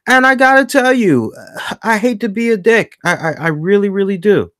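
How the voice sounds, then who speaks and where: Man, podcast host, casual review monologue, animated, stammers and restarts, slightly high voice. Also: normal speed, dry recording, studio quality. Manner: animated, acts out his own reactions in quotes; frequent restarts and repeated words.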